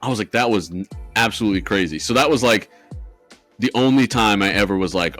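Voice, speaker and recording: Talking fairly quickly in a fairly low yet bright voice, this man co-hosts a podcast and rambles through a ghost story with plenty of cursing and filler words, soft background music underneath.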